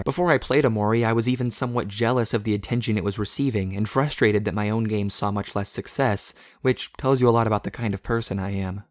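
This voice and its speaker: A man's voice: fairly low pitch, no room sound, clean studio sound. A young man narrating a game essay in a blunt, self-deprecating, profane way. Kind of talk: scripted voice-over narration.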